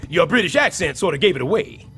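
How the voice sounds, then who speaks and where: Voicing a sarcastic, overdramatic, scheming middle-aged building superintendent for an animated sitcom, this male actor sounds a little high and talks quickly. Soft music plays behind him.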